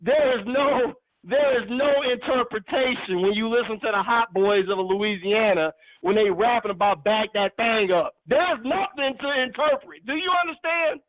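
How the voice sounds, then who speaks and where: Man preaching, emphatic, teasing, high voice, thin phone-like audio. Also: moderate pace, hardly any pauses. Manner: emphatic, teasing, laughs often. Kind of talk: sermon teaching.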